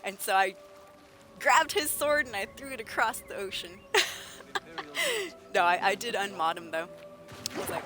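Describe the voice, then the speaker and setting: Bright young woman streamer, animated. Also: medium pitch, normal speed, pauses often, a little hiss or hum. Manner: animated storytelling, acts out the people she quotes. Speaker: game streamer. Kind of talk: casual livestream chat.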